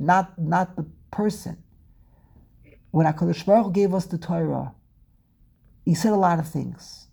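Slow, gravelly-voiced woman teaching. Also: on the low side, mellow. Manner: asks rhetorical questions and repeats words while building a point. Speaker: Torah teacher. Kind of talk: lecture on Hebrew prayer and scripture.

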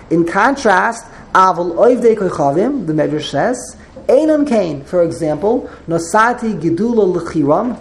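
A woman's voice: mid-range voice, a little hiss or hum. Woman lecturing in a roomy echo. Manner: repeats and restarts words while explaining. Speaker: teacher of a text class. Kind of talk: classroom lecture with questions.

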